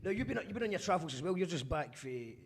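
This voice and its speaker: A man's voice: on the high side, sing-song, fast talker, husky. A man with a Glaswegian accent hosting a casual live-stream interview, chatty and loose with the odd swear word. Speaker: radio host. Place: abroad, streaming live remotely.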